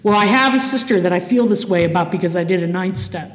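A woman's voice: fairly low pitch, quick pace. A speaker from the Cleveland area of Ohio, sharing her story from a podium at a recovery meeting, candid and full of swearing and restarts. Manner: candid and profane, with frequent fillers and restarts. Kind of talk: personal testimony from a podium. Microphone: podium microphone. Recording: echoey hall reverb.

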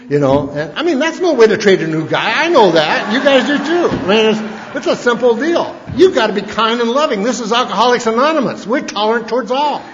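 A man's voice: extremely high pitch, animated, fairly quick, few pauses, a bit bright, a little hiss or hum. A man telling rambling, self-mocking stories as a speaker at a recovery meeting. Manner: rambling, folksy, self-mocking, with frequent restarts. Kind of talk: humorous personal testimony. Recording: dull lo-fi recording in an echoey hall.

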